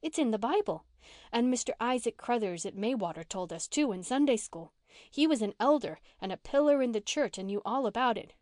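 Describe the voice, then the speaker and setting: A woman's voice: on the high side, lively intonation, a little fast, darkish tone, no room sound, pitched above the performer's own voice, natural voice. Eager dramatic young girl, woman reader voicing her, dry recording, storybook. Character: lively minister's daughter, dramatic and cheerful.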